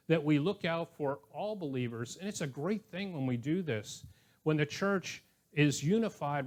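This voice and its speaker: An older man preaching a sermon as pastor, conversational and anecdotal, with chuckling asides. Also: a little high. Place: church.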